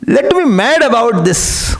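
A man's voice: very high voice, very animated, a little slow. A man giving a spiritual discourse, asking rhetorical questions and chuckling often. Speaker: spiritual teacher.

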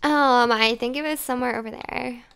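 Bright high-voiced teasing young woman. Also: steady tone, moderate pace, vocal fry, smooth. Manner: teasing, giggly, matter-of-fact. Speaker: gaming channel co-host. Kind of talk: casual let's-play banter.

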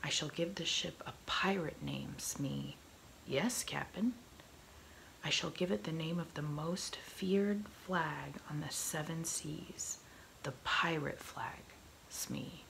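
A woman's voice: sits low, slow pace, vocal fry, a bit bright, slight background noise, exaggerated voice, poor audio. A woman whispering as an impatient pirate captain. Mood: gruff. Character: fearsome vain male pirate captain. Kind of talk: whispered role-play.

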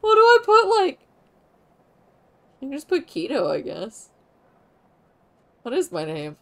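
A woman's voice: high-pitched, huge pitch swings, a little slow, gravelly. Giggly, flustered young woman streamer. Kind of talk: casual gameplay commentary.

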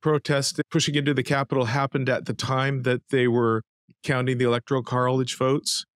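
A man's voice: mid-range voice, little pitch movement, moderate pace, dry recording, clean studio sound. A man hosting a casual talk show, presenting items and pushing back with pointed questions. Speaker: host.

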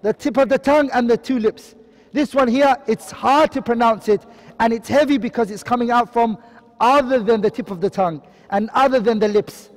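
A man teaching a tajweed lesson online, quickly reciting Arabic terms and then explaining them in English, often asking a question and answering it himself. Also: very high-pitched, big-room sound. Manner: quizzing, asks and answers his own questions.

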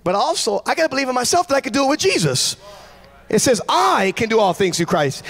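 A man preaches in a church sanctuary with a high voice that leaps all over. He is fervent and shouts his declarations to the congregation. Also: animated, quick pace. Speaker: guest pastor. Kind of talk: sermon.

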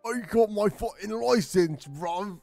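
A man putting on a crude, loud caricature of a British bloke, swearing and full of slang. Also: medium pitch, animated, normal speed, faint music behind, close to an everyday voice. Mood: brash.

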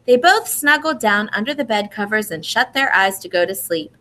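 A woman reading a picture book aloud to children in a lively, expressive way, inviting them to repeat the words. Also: medium pitch, moderate pace. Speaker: storyteller.

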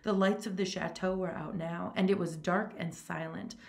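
Woman narrator, low gravelly voice, plain steady story reading, casual, small stumbles. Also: moderate pace. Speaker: reader. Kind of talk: reading a short story aloud.

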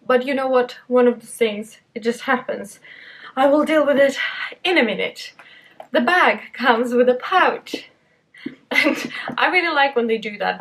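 A woman's voice: fairly high pitch, poor audio. A woman vlogger chatting casually at home, playful and chatty, with wry asides. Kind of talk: casual chat.

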